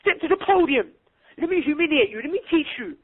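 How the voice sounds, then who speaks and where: A man voicing a swaggering old scholar who mocks a rival in a shrill, loud voice. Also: expressive, a little fast. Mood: taunting. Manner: mocking, swaggering. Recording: tinny phone-like webinar line.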